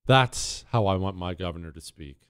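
A man's voice: low-pitched, expressive, moderate pace, fairly bright tone, smooth, dry recording, studio quality. A man hosting a talk show, ranting in a sarcastic, exasperated monologue.

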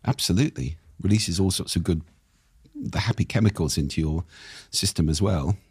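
An older man with a croaky voice, coaching on speaking in a casual, animated conversation. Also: moderate pace, dry recording. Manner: animated, swoops up and down in pitch.

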